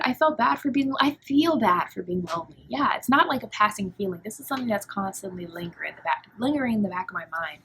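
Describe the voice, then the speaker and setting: A woman's voice: a little high, fairly bright tone, slight background noise, low-quality recording. Candid young woman vlogging from her dorm. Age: 20s. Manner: candid, emotional, lots of fillers like "like" and "um". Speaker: college student vlogger. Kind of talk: casual confessional vlog.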